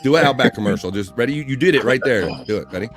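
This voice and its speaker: A man's voice: medium pitch, animated, rapid-fire, soft background music. A man hosting a casual livestream, joking and teasing, laughing often. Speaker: livestream host.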